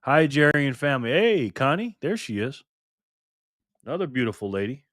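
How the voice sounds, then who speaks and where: A man chats casually on a livestream, cheerful and quick to greet each viewer. His voice sits at a middle pitch. The sound is dry and close, with no room echo. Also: big pitch swings, a bit bright. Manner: upbeat, greets viewers one by one. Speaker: livestream host.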